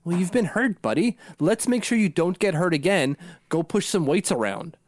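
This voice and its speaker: A man's voice: high voice, expressive, normal speed, a little mellow, no room sound, clean studio sound. A man co-hosting a casual sports podcast, rambling and poking fun at himself as he talks. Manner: rambling and self-deprecating, laughs at himself. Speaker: podcast co-host.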